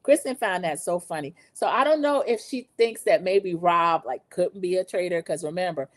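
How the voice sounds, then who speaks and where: A woman's voice: lowish voice, darkish tone, dry recording, studio quality. A middle-aged woman hosting a casual opinion recap, chatty and opinionated, talking straight to her viewers. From lived in the American South over twenty years. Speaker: recap host.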